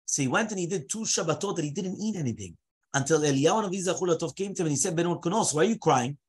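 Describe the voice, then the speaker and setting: A man's voice: a little high, very fast, slightly rough. A man teaching a Torah class as a rabbi, mixing Hebrew phrases into English and asking rhetorical questions.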